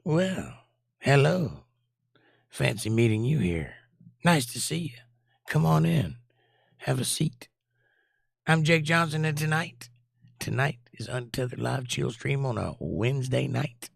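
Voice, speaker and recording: Hoarse man with a gravelly, scratchy voice. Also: animated, measured pace, long pauses, no echo, clean studio sound. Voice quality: scratchy, low. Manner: laid-back, jokey, reads chat messages aloud. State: hoarse, voice almost gone. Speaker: live stream host reading chat. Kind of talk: casual chat.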